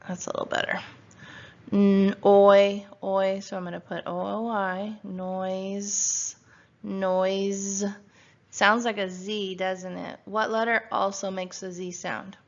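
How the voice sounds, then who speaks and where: A woman's voice: medium pitch, flat delivery, slow, gravelly, a bit bright. A woman teaching a phonics spelling lesson to first graders, patiently sounding out letters and asking questions, recorded at home. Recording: dull lo-fi recording.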